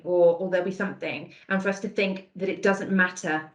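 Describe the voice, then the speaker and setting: A woman leads an online awareness session over a video call, encouraging and conversational as she praises answers from the chat. Her voice sits a little low. The sound is roomy and echoey. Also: fairly even intonation, a little fast, muffled recording. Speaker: dementia awareness session presenter. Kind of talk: online training talk.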